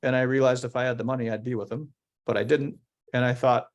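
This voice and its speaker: Man, middle pitch, earnest founder giving motivational interview answers, leans on key words. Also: fairly even intonation, fast. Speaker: company founder and CEO.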